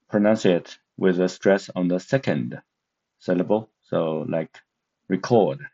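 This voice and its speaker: A man's voice: sits low, dark tone. A man teaching an online language lesson, speaking with many hesitant filler sounds. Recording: dull lo-fi sound.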